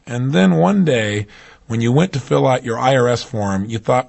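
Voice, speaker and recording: A man giving a motivational seminar talk, animated and full of rhetorical questions to his audience. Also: mid-range voice, brisk, gravelly. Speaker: motivational speaker.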